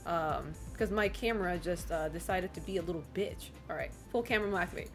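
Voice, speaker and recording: A woman's voice: fairly low pitch, fast talker, faint music behind. A young woman streaming from home, chatting casually with her viewers in a rambling, giggly way and swearing freely. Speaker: game streamer. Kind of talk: casual chat with live chat.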